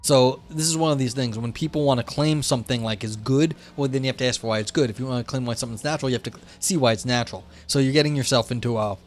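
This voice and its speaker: A man's voice: medium pitch, quick pace, hardly any pauses. A man hosting a livestream, reading a philosophy paper aloud and then explaining it in loose, chatty asides to his viewers. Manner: chats with live viewers between passages. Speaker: livestream host.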